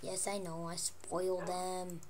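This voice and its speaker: A woman playing Minecraft and chatting casually, coaxing and fussing over her pet wolves in an excitable voice. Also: on the low side, unhurried, slight background noise. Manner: excitable, jumps between squeals and mutters. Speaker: Minecraft let's player. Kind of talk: casual gameplay commentary.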